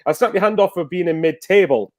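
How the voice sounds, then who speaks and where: A man's voice: high voice, quick pace, dry recording. A man chatting casually as a guest football fan, rambling with lots of fillers and restarts. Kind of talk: casual video call chat.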